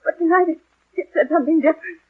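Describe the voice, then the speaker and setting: A woman's voice: very high voice, narrow, tinny audio. A terrified young woman in old radio. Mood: anxious. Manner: breathless, halting, near tears. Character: frightened young woman haunted by nightmares. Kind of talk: 1940s radio acting.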